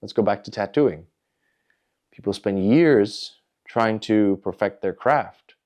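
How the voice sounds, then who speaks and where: A man hosting a podcast, telling a personal story in a candid, introspective way, in short halting phrases. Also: fairly low pitch, a little mellow. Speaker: podcast host.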